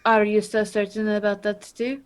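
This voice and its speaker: Woman player, in-character role-play; coy lilt, measured delivery. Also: medium pitch, level tone, background noise. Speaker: tabletop game player.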